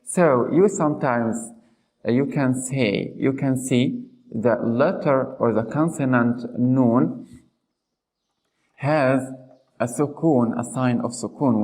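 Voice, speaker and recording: A man explains pronunciation as a patient teacher. He talks at a very slow, careful pace at a middle pitch. He repeats each example word and often stops to ask "okay?". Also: a little mellow, rough recording. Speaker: Quran recitation teacher.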